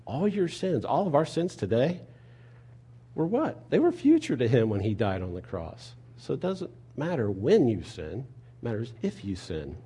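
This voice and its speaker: A man preaching a sermon in a conversational way, asking rhetorical questions and moving between quiet and loud delivery. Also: medium pitch, huge pitch swings, normal speed, slightly rough. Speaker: pastor.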